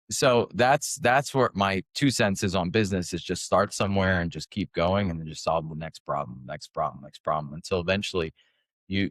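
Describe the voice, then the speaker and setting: Low-voiced man telling casual anecdotes. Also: dry recording, clean studio sound. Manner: conversational, animated anecdotes, many fillers. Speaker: podcast guest. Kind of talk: casual interview talk.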